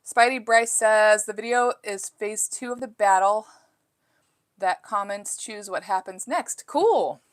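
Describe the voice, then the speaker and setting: A middle-aged woman hosts a casual live chat from home, reading viewer comments aloud and reflecting on her life. She's chatty and unhurried, with a medium-pitched voice, frequent fillers and restarts.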